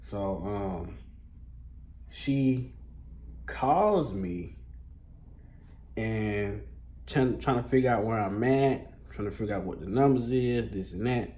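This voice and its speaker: Low-voiced man telling a story. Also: takes it slowly, long pauses, warm tone. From Columbus, Georgia, US. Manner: loose, profane street slang, many fillers. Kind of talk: casual storytime monologue.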